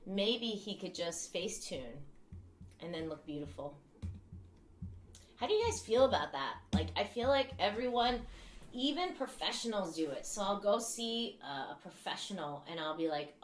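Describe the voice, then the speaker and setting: A young woman talks candidly to her viewers in a loose, rambling way, swearing freely and breaking into laughs. Her voice sits at an ordinary pitch for a woman. The room around her is echoey. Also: animated, measured pace, a little hiss or hum. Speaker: vlogger. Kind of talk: casual chat to camera.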